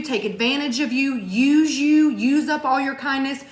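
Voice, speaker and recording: A woman's voice: high voice, animated, measured pace, hardly any pauses. A woman co-hosting a motivational talk, speaking with heartfelt emphasis, repeating herself for weight and swearing casually. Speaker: co-host of a motivational talk show. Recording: echoey room.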